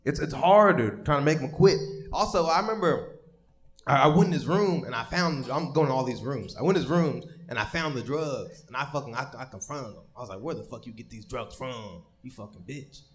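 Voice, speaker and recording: A man's voice: mid-range voice, lively intonation, a little fast. A young man doing a live stand-up set on a comedy stage, telling rambling, profane stories with lots of stammered restarts. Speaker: stand-up comic.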